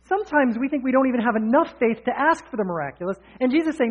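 A man preaching a sermon in an energetic, candid, conversational way. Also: very high-pitched, racing. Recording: tinny phone-like sound.

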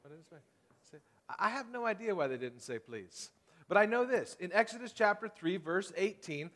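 A pastor preaching a sermon in a conversational way, putting questions to his congregation. His voice is a man's, pitched a little higher than most. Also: expressive, normal speed, fairly bright tone.

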